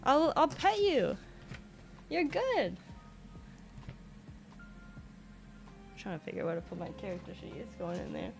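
A woman's voice: on the low side, huge pitch swings, normal speed, vocal fry, pauses often, over music. A woman streaming from her home desk in a casual chat, coaxing her cat in a sing-song voice. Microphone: desk microphone.

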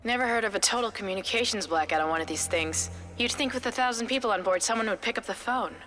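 A woman's voice: on the high side, fast, fairly bright tone, faint music behind, lightly acted, poor audio. A woman voicing a skeptical young female ship technician who speaks in a dry, wry way.

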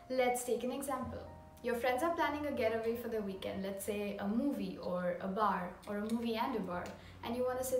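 A woman teaching beginner French, upbeat and slowing down to model each pronunciation. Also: on the high side, recorded from a distance. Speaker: language teacher. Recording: roomy echo, off-mic, audible room noise.

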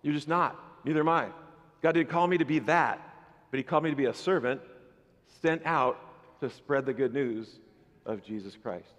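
A man preaching a sermon as pastor, animated and conversational, with playful asides to the congregation. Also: medium pitch, moderate pace, in a large hall, dull audio. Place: church sanctuary.

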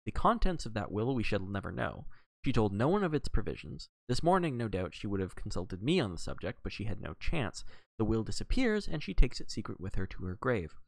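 A man reading aloud and voicing a dry, measured older male lawyer laying out suspicions. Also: lowish voice, sing-song, gravelly, dry recording, exaggerated voice. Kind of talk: audiobook character reading.

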